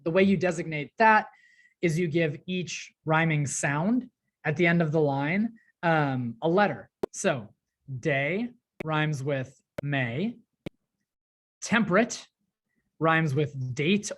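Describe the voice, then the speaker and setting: A teacher recording an online class lesson, explaining a poem step by step with frequent "um" and "right?" checks. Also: medium pitch. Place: home or classroom at a desk, working on a tablet.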